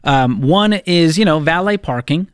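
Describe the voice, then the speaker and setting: A man with a fairly high voice trading casual banter as co-host of a call-in money show. He delivers wry jokes and quick asides. The studio microphone sounds dry and close. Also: expressive, smooth, dry recording.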